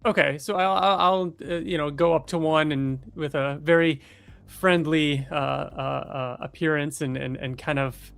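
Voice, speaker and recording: A man's voice: a little high, fairly even intonation, unhurried, gravelly, a bit bright, clear, resonant tone. A man playing a tabletop game, thinking aloud in a rambling, hesitant way. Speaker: player. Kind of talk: casual tabletop game play.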